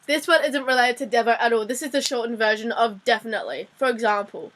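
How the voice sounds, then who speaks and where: A young woman with an Australian accent talks through a casual slang lesson in a rambling, giggly way, often restarting her sentences. Her voice sits a touch high. There is a faint hum of room noise behind her. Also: quick pace, few pauses, fairly bright tone. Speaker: vlogger teaching slang.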